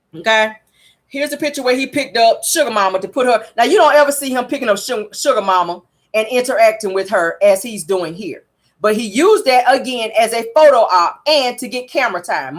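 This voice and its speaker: Lively woman recapping reality TV. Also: on the high side, moderate pace. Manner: animated storyteller, addresses viewers as y'all. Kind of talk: casual recap commentary.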